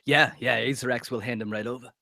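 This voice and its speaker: A man playing a tabletop game, describing his move in a halting way with restarts. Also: medium pitch, steady tone, creaky, pushed and bright, no echo, studio quality. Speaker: player. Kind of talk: tabletop role-play.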